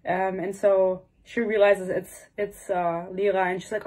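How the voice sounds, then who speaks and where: A woman giving a casual, sarcastic book review rant, swearing freely and acting out the characters' lines in quick bits. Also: mid-range voice, steady tone.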